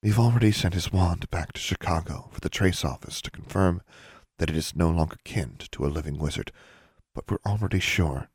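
A stern older witch inquisitor, calm and even, measuring every word, as a male audiobook narrator puts her on. The voice is lifted a little from a husky low register, dry and close. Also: fairly quick, no echo.

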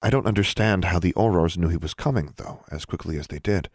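A man's voice: low voice, brisk, darkish tone, no echo, clean studio sound. A man reading an audiobook, voicing a defiant, guarded teenage witch girl in a raised, strained tone. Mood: tense, wounded.

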